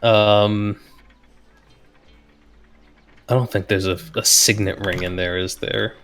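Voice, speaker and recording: Slow easygoing guy running a tabletop game, lots of uhs. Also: on the low side, fairly even intonation, a bit bright. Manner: slow, hesitant, lots of fillers. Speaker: game master.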